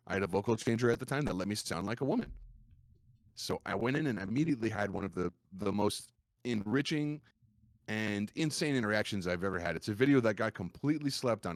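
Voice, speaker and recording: A man with a distinctive deep voice, a guest streamer telling stories in a casual podcast chat. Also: no room sound. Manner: storytelling, animated retelling.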